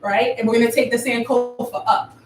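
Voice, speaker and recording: A woman teaching a live dance class, counting rhythms out loud with vocal syllables like ba and da, and explaining arm and foot movements. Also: on the high side, flat delivery, brisk, over music. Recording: echoey room from far off, faint noise.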